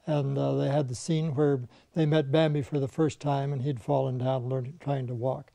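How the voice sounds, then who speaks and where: A man's voice: medium pitch, flat delivery, moderate pace, gravelly, dark tone, dry recording. An older man, a veteran animation filmmaker, reminiscing in conversation and telling anecdotes in which he mimics the people he quotes.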